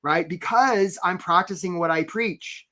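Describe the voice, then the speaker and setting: A man's voice: sits high, measured pace, bright, forceful tone. A man coaching job seekers in a live webinar, chatty and playful, often checking in with his audience. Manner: chatty, keeps checking in with "right?"; playful, theatrical asides. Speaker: career coach.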